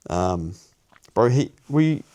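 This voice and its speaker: A man's voice: on the low side, big pitch swings, slow, dark tone, clear, resonant tone. A young man with a New Zealand accent, co-hosting a podcast and telling a personal story in slangy, sweary, casual chat, often restarting his sentences. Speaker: podcast co-host.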